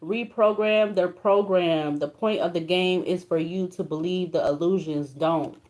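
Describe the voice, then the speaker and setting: Casting: young woman, lowish voice, casual tarot reader, emotional and colloquial. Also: measured pace, darkish tone. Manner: reads card texts aloud, emotional, colloquial.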